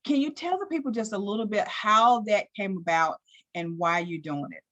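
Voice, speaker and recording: A woman's voice: medium pitch, moderate pace, a bit bright. A woman hosting a live online interview, talking unscripted and cheering her guest on with lots of affirmations. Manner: enthusiastic, unscripted, many affirmations. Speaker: host.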